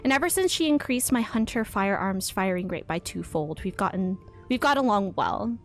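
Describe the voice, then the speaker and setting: A woman's voice: medium pitch, animated, moderate pace, few pauses, faint music behind. A woman streaming a game who chats casually, reads the story text aloud, and is out of breath. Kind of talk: casual live gameplay commentary and reading.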